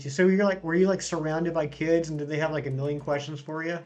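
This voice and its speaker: Young male streamer with a higher-than-average voice, relaxed chatter, reads chat and banters, faint music behind. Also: fast, muffled recording. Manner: chatty, reads viewer comments aloud and banters. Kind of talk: casual live-stream chat.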